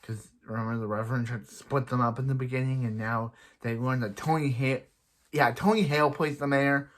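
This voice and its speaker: A young man giving a casual, rambling movie review, often restarting and paraphrasing characters in quick bursts. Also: medium pitch, steady tone.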